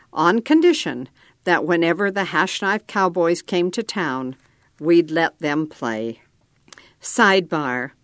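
A woman narrating a story in a calm, measured storytelling manner. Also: lowish voice, no room sound, studio quality. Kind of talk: scripted narration.

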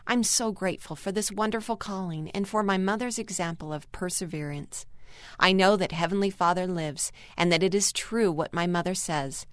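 A woman reading aloud an earnest first-person article as scripted narration, calm and steady. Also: lowish voice, moderate pace, no echo, studio quality. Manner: calm, earnest storytelling read.

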